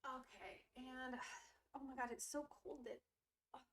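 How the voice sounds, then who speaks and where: A woman's voice: fairly even intonation, moderate pace, fairly bright tone. A woman chatting casually while livestreaming resin crafts at home, giggly and apologetic, full of fillers, with a stuffy nose. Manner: high coaxing voice when soothing her cat. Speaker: resin jewelry streamer. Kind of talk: casual live-stream chat.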